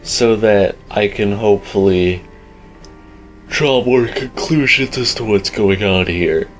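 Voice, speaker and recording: A young male gaming YouTuber offers casual, rambling commentary on a game teaser, opinionated and packed with filler words. His fairly low voice moves slowly over faint background music, and the audio quality is poor.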